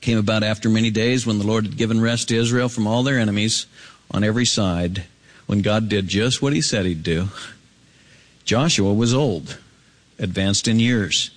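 A man preaching an expository sermon, swinging from soaring emphatic peaks down to low hushed asides. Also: moderate pace. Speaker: pastor.

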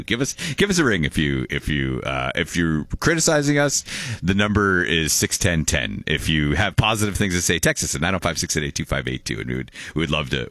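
Male radio host, low but lively voice, bright and dry, rambling and jokey. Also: no room sound. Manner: playful, rambling, laughs often. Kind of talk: casual call-in radio chat.

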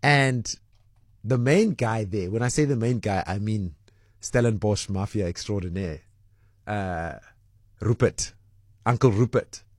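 Husky-voiced man, breakfast radio host, relaxed and chatty, heavy on fillers. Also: lowish voice, unhurried, long pauses, no room sound, studio quality. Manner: chatty, reads out listener messages with many fillers. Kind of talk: breakfast radio call-in talk.

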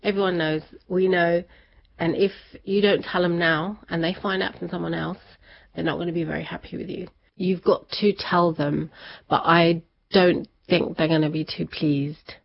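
Woman telling her story, laughs a lot, kinda low voice, muffled lo-fi sound. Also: steady tone, normal speed, vocal fry. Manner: chatty, laughs often, acts out quoted voices. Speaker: interview guest. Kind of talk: personal storytelling in conversation. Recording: dull lo-fi sound.

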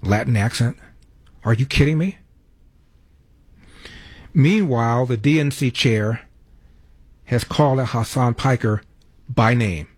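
A man's voice: medium pitch, unhurried, pauses often, slightly rough, no room sound. An older man hosting a talk radio show, brash and sarcastic as he reads promos and sets up clips. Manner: brash, sarcastic, reads ads and phone numbers.

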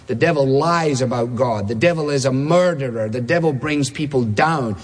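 A man preaching a sermon, emphatic, repeating key phrases and slowing down to stress words. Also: mid-range voice, breathy edge. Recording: long hall reverb.

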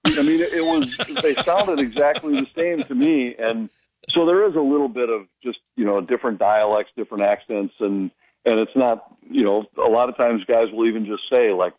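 A man's voice: mid-range voice, moderate pace, no room sound, highs cut off. A man, a hockey announcer, telling stories in a casual radio chat and acting out the voices of the people he quotes. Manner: storytelling, animated quoting of others.

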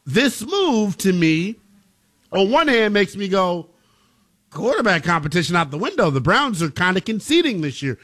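A man's voice: high voice, big pitch swings, normal speed, a bit bright. A man co-hosting a sports show, giving emphatic opinions in casual debate.

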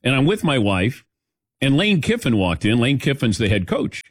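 A man's voice: medium pitch, sing-song, moderate pace, breathy edge, no echo, clean studio sound. A middle-aged man hosting sports radio, chatting casually and telling stories with frequent laughs. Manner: chatty, storytelling, laughs often. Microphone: studio mic.

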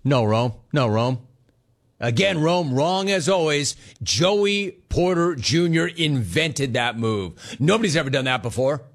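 A man's voice: on the high side, expressive, measured pace. Sarcastic male sports radio host. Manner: sarcastic, mocking, laughing at callers. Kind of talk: sports talk radio monologue.

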